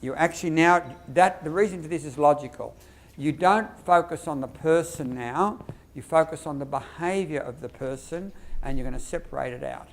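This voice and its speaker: A man with an Australian accent giving a lively workshop lecture to teachers, quizzing the audience and acting out classroom phrases. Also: on the high side, moderate pace. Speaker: lecturer on behaviour management.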